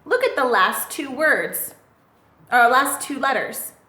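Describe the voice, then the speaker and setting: A woman's voice: high-pitched, lively intonation, slow pace, sharp tone. A woman teaching English grammar in a recorded lesson, patiently spelling out letters and asking the listener questions. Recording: echoey room.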